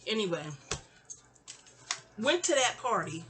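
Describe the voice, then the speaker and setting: A woman's voice: medium pitch, big pitch swings, takes it slowly, noisy background. A woman, telling a personal story in a casual, rambling audio-diary style, stammering and restarting and acting out quoted lines.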